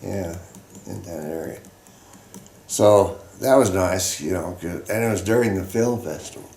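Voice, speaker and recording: A man in his eighties from Colorado, a veteran telling his life story in a halting, rambling way with many fillers. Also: deep voice, darkish tone. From Colorado, United States. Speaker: veteran interviewee. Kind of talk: oral history storytelling. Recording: roomy echoey room.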